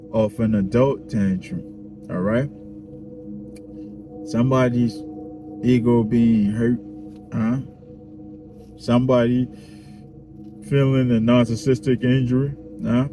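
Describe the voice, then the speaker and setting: A man talking casually to his viewers, repeating his points and checking in often with "all right?" and "huh?". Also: mid-range voice. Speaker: self-help video host. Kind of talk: casual spoken talk to viewers. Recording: music playing behind the voice.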